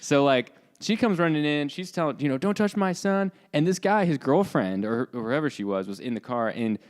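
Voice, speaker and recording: Animated young man telling a story. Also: mid-range voice, fairly quick. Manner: animated, lots of "like" fillers, acts out his own lines. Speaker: podcast co-host. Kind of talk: casual storytelling.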